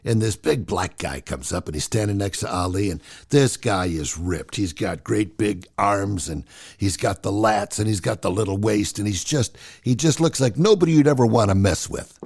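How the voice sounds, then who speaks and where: A man in his sixties casually telling personal stories in an animated, chatty way. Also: fairly low pitch, normal speed, breathy edge. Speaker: storyteller.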